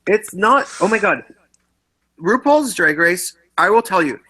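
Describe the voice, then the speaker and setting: A man hosting a casual chat after a movie, talking in animated, rambling bursts with many restarts, on a wireless clip-on mic. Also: high-pitched, measured pace, poor audio. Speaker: vlog host. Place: indoors after a film screening.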